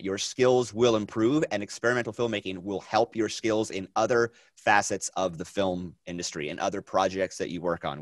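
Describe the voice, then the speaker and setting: A man teaches a film class, his voice sitting on the lower side. He talks in a chatty, energetic way, circles back on his phrases and pads them with fillers. The sound is dry and close, with almost no room. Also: no room sound. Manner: energetic, chatty, repeats himself, many fillers. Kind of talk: classroom lecture.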